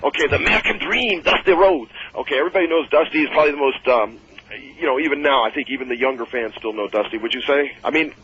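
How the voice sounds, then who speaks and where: A man's voice: mid-range voice, fast talker, fairly bright tone. A middle-aged man, a former wrestler, telling rambling, chuckling stories as a guest on a radio show. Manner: rambling, chuckling storyteller with many fillers. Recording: dull lo-fi radio audio.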